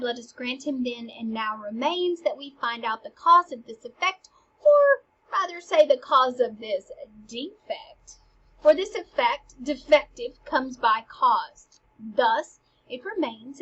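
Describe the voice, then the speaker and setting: A woman's voice: high-pitched, very animated, breathy edge, dull audio, full character voice. A woman voicing a pompous, rambling old male courtier who loves hearing himself talk. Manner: slow, loud, overblown delivery.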